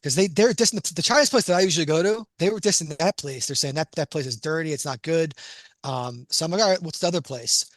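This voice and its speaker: A man co-hosting a casual chat podcast, talking fast and teasing his partner. His voice sits a little high. The recording is dry and close. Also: no room sound. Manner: quick, teasing, laughing banter. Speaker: podcast co-host.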